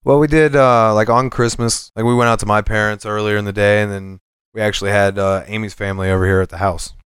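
A man's voice: fairly low pitch, level tone, fast talker, fairly bright tone, clean tone, dry recording. A young man co-hosting a podcast, easygoing and chatty, often answering with short agreements. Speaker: podcast co-host. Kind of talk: casual chat.

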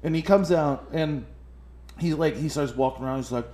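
A man on a podcast in casual chat, telling an animated, profane story full of quoted voices. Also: on the high side, fairly quick. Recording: echoey room.

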